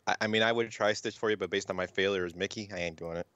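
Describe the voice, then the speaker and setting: A man's voice: low voice, fairly even intonation, racing, fairly bright tone, no room sound, highs cut off. A man co-hosting a podcast in easygoing banter, with short replies and frequent laughs. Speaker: podcast co-host.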